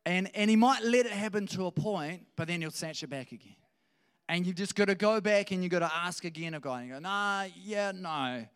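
A male pastor giving a conversational sermon, telling stories with frequent restarts. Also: high voice.

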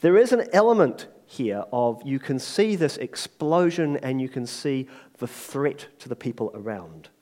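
A man preaching a sermon in a lively, conversational way, joking and acting out quotes. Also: medium pitch, a little slow, hardly any pauses.

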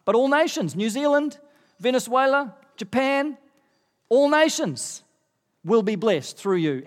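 A middle-aged male pastor with a high, bright voice delivers a sermon. His voice carries into a long church-hall reverb, and he gets animated and rises in pitch on the points he stresses.

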